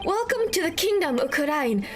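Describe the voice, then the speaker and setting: A woman's voice: high voice, very animated, moderate pace. A woman voicing a polite young male monk in training who acts as a guide, reading game lines in a formal, courteous way. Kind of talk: reading game dialogue aloud. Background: game music.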